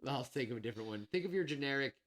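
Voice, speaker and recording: Here the male podcast co-host races through his film pitch, animated and a bit bright. He chats casually but rambles, leaning on fillers and correcting himself, with a touch of nervousness.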